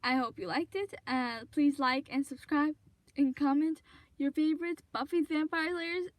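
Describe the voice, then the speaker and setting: Woman vlogger, high pitched, dry close sound, casual rambling fan chatter. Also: steady tone, normal speed, dry recording. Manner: rambling, gushing retelling with many fillers. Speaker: fan video host. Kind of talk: casual fan commentary vlog.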